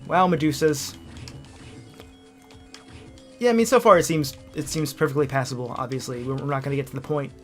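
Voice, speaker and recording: A man's voice: mid-range voice, fairly quick, pauses often, a bit bright, soft background music. A young man co-hosting a let's play, reacting with exclamations while he plays and chats casually. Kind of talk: casual gameplay chat.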